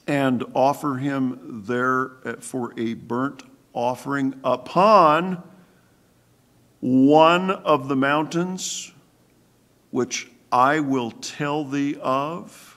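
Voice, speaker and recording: A man pastor giving a sermon-style Bible study in a church, halting with fillers and asking the congregation questions. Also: medium pitch, a bit bright. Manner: halting, many fillers and restarts.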